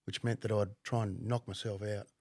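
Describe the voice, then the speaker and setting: A middle-aged man, a podcast guest telling his story bluntly, with plenty of swearing and halting fillers. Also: on the low side, fairly even intonation, a little mellow, no room sound, clean studio sound. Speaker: podcast guest, former undercover cop. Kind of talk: casual conversational storytelling.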